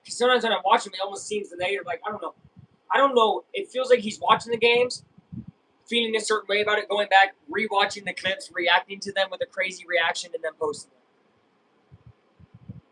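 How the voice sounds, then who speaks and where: A young man casually chatting and reacting while streaming a live baseball game, rambling and breaking into excited yells. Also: high-pitched, fairly quick, slightly rough, low-quality recording. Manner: rambling, self-interrupting, bursts of excited yelling. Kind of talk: casual live game watch-along chat.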